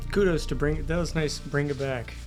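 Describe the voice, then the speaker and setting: Male player, higher register, chatty teasing tone, music audible behind. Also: moderate pace. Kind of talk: casual tabletop play.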